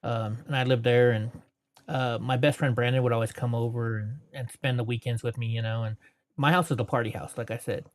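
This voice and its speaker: A man in his forties, a guest in a casual interview, tells long rambling stories and corrects himself as he goes. His mid-range voice keeps a steady tone at a fairly quick pace. He laughs between anecdotes and puts on voices when quoting people.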